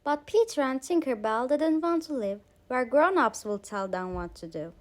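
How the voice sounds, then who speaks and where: A woman reading a bedtime story aloud for English learners, clear and expressive. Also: high-pitched, moderate pace.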